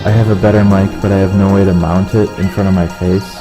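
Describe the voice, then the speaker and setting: A man's voice: sits low, flat delivery, fast talker, music in the background, rough recording. A young man streaming a game, chatting casually and rambling with a lot of swearing. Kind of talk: casual chat while gaming.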